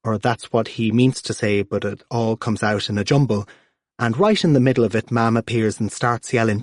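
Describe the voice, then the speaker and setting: A man's voice: lowish voice, normal speed, no room sound, studio quality. A man narrating an audiobook, shifting his voice for the characters.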